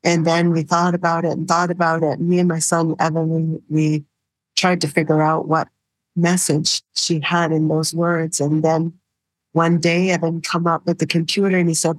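A middle-aged woman telling her personal story in an interview, soft-spoken and halting, with many fillers. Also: sits low, level tone, no room sound, rough recording. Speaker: guest, survivor sharing her story.

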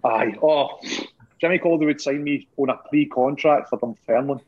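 Husky Scottish man telling stories. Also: medium pitch, normal speed, narrow, tinny audio. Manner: laughing, swearing anecdotes. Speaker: former footballer guest. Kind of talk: casual storytelling chat.

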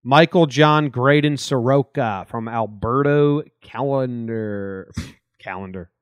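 Man, podcast co-host, mid pitch, offhand casual sports talk, swears freely, dry recording. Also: slow, clean tone, dry recording.

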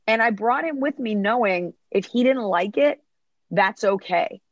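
Animated woman comedian, dull dry sound. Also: mid-range voice, unhurried, no room sound. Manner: animated storytelling, acts out dialogue. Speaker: comedian guest. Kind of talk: podcast interview.

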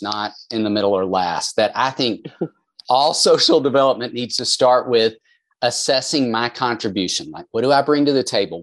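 Earnest man explaining at length. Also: fairly low pitch. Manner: earnest, explanatory, many "I think" qualifiers. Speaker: counselor and author. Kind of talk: podcast conversation.

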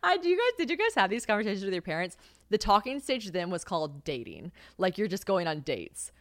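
A woman's voice: mid-range voice, very animated, a little fast, fairly bright tone, no room sound, studio quality. A young woman hosting a casual solo podcast, rambling and swearing freely, laughing often. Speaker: podcast host. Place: home kitchen.

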